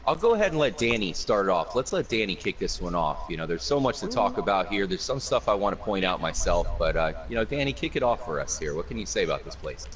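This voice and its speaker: Deep-voiced man hosting a gaming talk. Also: very animated, quick pace, few pauses. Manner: upbeat, addresses guests and viewers directly. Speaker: show host. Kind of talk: casual group gaming discussion. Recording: distant mic with faint noise.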